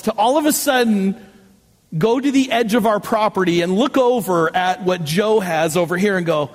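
Pastor in an echoing hall. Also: male voice, sits high, normal speed. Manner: animated storytelling with self-mocking jokes. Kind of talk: sermon. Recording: long reverb of a large hall.

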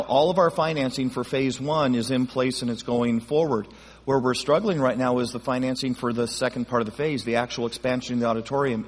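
A man, a pastor, teaching a midweek Bible study in a folksy, conversational way, often checking in with his congregation. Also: medium pitch. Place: church auditorium. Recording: reverberant church hall.

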